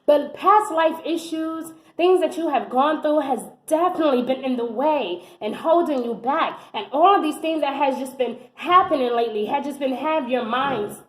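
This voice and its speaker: A young American woman giving a casual tarot reading in an animated, exclamatory way, often repeating her phrases. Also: high voice, moderate pace, hardly any pauses. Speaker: tarot reader. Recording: echoey room.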